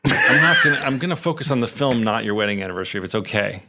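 A man co-hosts a podcast in casual chat, teasing and laughing with his friend. His voice sits at an ordinary mid pitch. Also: expressive, very fast, vocal fry, pushed and bright, slight background noise. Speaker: podcast co-host.

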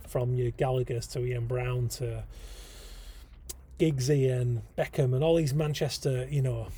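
Enthusiastic man hosting a podcast, mellow voice. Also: mid-range voice, steady tone, measured pace, slightly rough. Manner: enthusiastic, rambling, with frequent ums and asides. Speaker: podcast host. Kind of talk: casual solo podcast talk.

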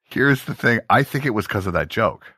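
Bright low-voiced man hosting a podcast. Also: moderate pace, husky, no room sound, studio quality. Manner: relaxed, curious questioner. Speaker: podcast host. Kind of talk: casual podcast chat.

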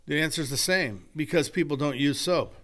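A man's voice: on the high side, a little fast, bright, forceful tone. An older man, a guest author, telling stories in an earnest, preacher-like way during a casual podcast conversation. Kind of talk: casual chat.

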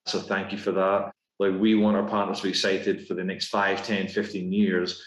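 A man with a Scottish accent, a guest talking in a casual podcast interview, brisk and upbeat with lots of fillers. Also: deep voice, monotone. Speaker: guest executive. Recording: roomy echo.

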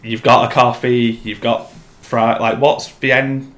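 Animated storytelling man in echoey room. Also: medium pitch, unhurried. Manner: animated storyteller, acts out quotes, swears. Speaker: podcast co-host. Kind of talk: casual chat.

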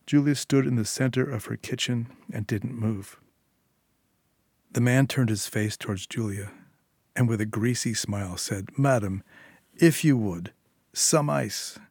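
A man reads a short story aloud in a measured, quietly tense voice. He speaks in a mid-range tone. The recording is dry and close, with no echo. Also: medium pitch, slightly rough. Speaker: narrator. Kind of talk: scripted short story narration.

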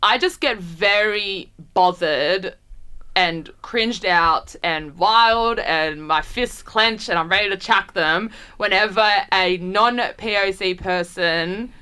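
A woman co-hosting a casual podcast chat, animated and laughing often. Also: medium pitch, slow pace, clear, resonant tone. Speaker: podcast co-host.

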